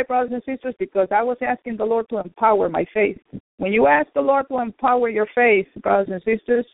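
Slow woman on a tinny phone line. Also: a little high, no echo. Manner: earnest, repetitive, addresses brothers and sisters. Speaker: radio program speaker. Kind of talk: personal faith testimony.

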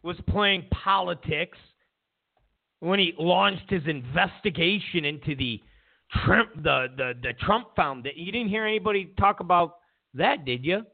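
A man's voice: high-pitched, measured pace, creaky. A man hosting a political commentary show, ranting in a sarcastic, mocking way, stumbling over restarts and mimicking opponents. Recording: tinny phone-like lo-fi sound.

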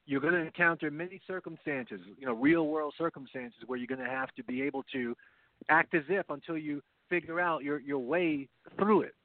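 A man's voice: fairly high pitch, moderate pace, no room sound. Man talking on a tinny phone line. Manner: earnest, explanatory, repeats phrases. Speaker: podcast co-host. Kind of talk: casual radio show talk. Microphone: phone line, not his headset.

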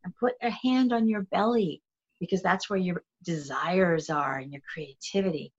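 Middle-aged woman with a low, dull-sounding voice. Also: normal speed, husky. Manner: earnest, animated, self-correcting speech. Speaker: shamanic guest. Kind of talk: casual conversation. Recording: dull lo-fi audio.

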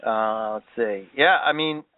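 A man's voice: mid-range voice, measured pace, no echo. A man hosting a podcast in casual chat, hesitant with many fillers and easy laughter. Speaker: podcast host. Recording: dry, tinny phone-like audio.

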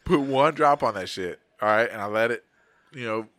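Guy rambling and cussing on a podcast, bright tense voice. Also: lowish voice, expressive, normal speed, no room sound. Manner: profane, rambling storyteller. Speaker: podcast co-host. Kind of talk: casual chat.

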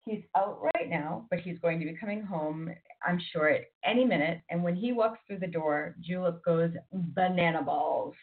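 A woman's voice: lowish voice, normal speed. A woman hosting a radio show, talking casually and rambling with lots of fillers and restarts. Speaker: radio host. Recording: tinny phone-like sound.

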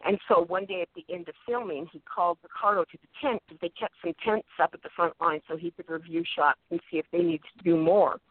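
A woman's voice: fairly low pitch, fairly even intonation, brisk, few pauses, no room sound. Woman telling a story over the phone. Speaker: guest storyteller. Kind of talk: animated anecdote on talk radio. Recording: tinny phone line, dry.

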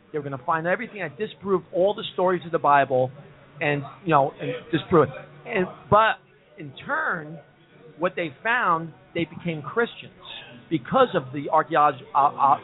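A man's voice: on the high side, expressive, moderate pace. Rambling New Jersey man on a tinny line. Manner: rambling, emphatic, joke-telling. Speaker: host. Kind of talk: casual pub chat show. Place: pub. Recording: tinny phone-like audio.

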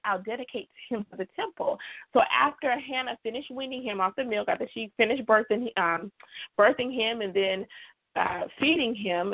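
A woman's voice: a little high, creaky. A woman preaching a sermon, emphatic, with repeated refrains. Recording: tinny phone-like dry sound.

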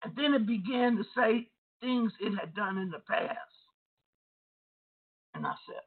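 A woman's voice: on the high side, measured pace, long pauses. A woman telling a deliverance testimony in a conversational way, often turning to the listeners directly. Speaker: deliverance minister. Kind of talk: testimony sermon. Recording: tinny phone-like audio.

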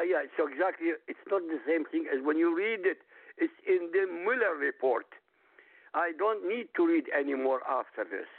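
A man calls in to a radio show in a raspy, gravelly voice, insistent and repeating his points over and over. The sound is thin and tinny, like a phone line, with a dead, dry tone. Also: a little high, no room sound. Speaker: caller, guest. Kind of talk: call-in radio talk. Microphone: telephone.

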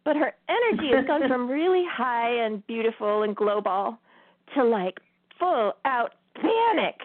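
High-pitched lady host, slow and giggly, sounds like a dry tinny phone line. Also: very animated, no echo. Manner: laughs often while telling a story. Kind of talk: casual storytelling on air.

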